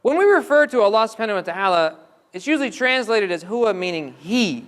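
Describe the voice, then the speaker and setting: Quick and sing-song, a high-pitched, fairly bright male voice delivers a religious lecture as an Islamic lecturer, explaining step by step and asking the audience questions. It's recorded in a mosque hall with a long reverb.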